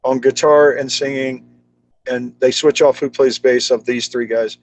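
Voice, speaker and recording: A man's voice: medium pitch, steady tone, a little slow, rough recording. A man guest on a podcast, chatting casually and animatedly, with slangy talk, acting out the people he quotes. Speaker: guest, charity founder. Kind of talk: casual storytelling chat.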